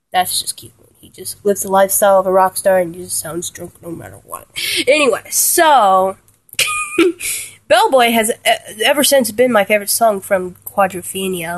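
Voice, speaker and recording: A young woman talking casually and rambling about music she loves, giggling often and restarting her sentences. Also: medium pitch. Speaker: music fan vlogger.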